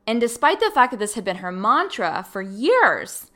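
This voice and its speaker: A woman hosting a solo podcast, telling a personal story in a casual, animated way and acting out her own thoughts. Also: a little high, moderate pace. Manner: animated, acts out her own past thoughts, laughs easily. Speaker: podcast host.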